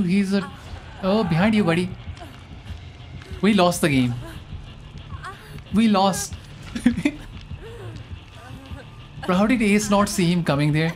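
A young man streaming a game live, chatting in a rambling, excitable way and often mocking his own mistakes. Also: high voice, takes it slowly, long pauses, soft background music. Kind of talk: live gameplay commentary.

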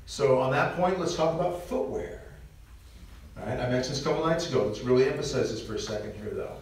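A man's voice: mid-range voice, fast, darkish tone. Middle-aged guy rambling and joking at a church talk, big echoey hall, heard from far off. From Nebraska. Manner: conversational, joking, with frequent asides and chuckles. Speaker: parish mission speaker. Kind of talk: casual talk to a church audience. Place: large church.

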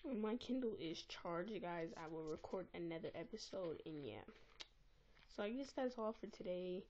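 Excitable gamer woman, lively lo-fi voice. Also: on the low side, moderate pace, slight background noise. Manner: excitable, easily exasperated. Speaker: gameplay recorder. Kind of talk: casual gameplay commentary. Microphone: tablet built-in mic.

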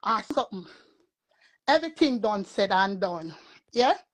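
A woman's voice: medium pitch, expressive, unhurried. A woman with a Jamaican patois accent, telling a long rambling story in a casual live chat. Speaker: storyteller guest.

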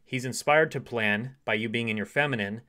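A man's voice: medium pitch, brisk. Man coaching women on dating. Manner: acts out short quoted dialogues in softer voice.

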